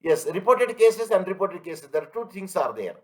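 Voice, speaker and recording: A man's voice: high-pitched, very animated, normal speed, low-quality recording. A man teaching an online class, repeating his points and asking students if they follow. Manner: everyday analogies, emphatic. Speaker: lecturer.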